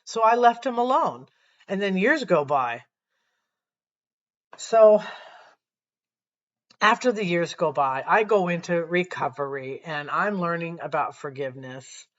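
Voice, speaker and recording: A woman sharing a personal faith testimony to camera, earnest and reflective, often pausing and restarting her sentences. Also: on the low side, lively intonation, highs cut off.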